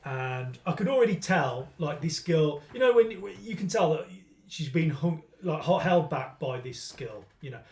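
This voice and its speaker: A man's voice: a little high, animated, normal speed, hardly any pauses, a little mellow. A British man on a comedy podcast, telling a crude story in casual banter and acting out the quoted lines. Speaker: podcast host. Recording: echoey room.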